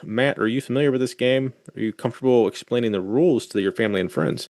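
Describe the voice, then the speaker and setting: A man's voice: mid-range voice, fast talker, darkish tone, dry recording, studio quality. A man hosting a podcast, chatting casually with profane, joking asides and reading out sponsor plugs. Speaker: podcast host. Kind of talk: casual chat.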